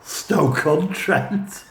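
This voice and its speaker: A man's voice: a little high, extremely slow, reverberant. A man from northwest England who tells stories in a rambling, self-mocking way, with chuckling asides. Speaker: writer and vlogger. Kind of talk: casual storytelling monologue.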